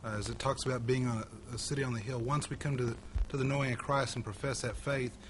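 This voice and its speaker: A man's voice: mid-range voice, steady tone. Distant male student answering in class. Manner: thoughtful, halting answer with fillers. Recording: noisy room audio, voice from far off.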